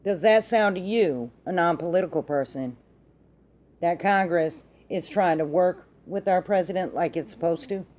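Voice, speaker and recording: Middle-aged woman host, mellow dark voice, fired up and cussing a lot. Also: lowish voice, moderate pace. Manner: angry, profane ranting. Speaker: podcast host. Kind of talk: heated political commentary.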